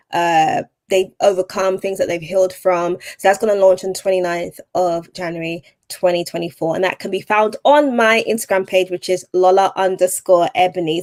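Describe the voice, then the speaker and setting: A podcast guest who presents on TV and does voice-overs, she gives conversational motivational advice in a lowish, somewhat mellow voice. Her tone is earnest and encouraging, and she restates the key ideas.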